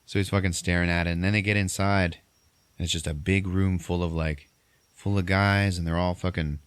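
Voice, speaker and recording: A man's voice: low voice, steady tone, a little fast, clear, resonant tone, no room sound. A man hosting a podcast, casually recapping a movie as a profane storyteller. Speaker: podcast host.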